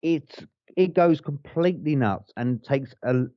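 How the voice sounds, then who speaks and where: A slightly high voice with lively intonation and a somewhat slow pace comes through a dry, dull recording. The man co-hosts a casual film review podcast, gushing about movies while swearing, rambling and restarting.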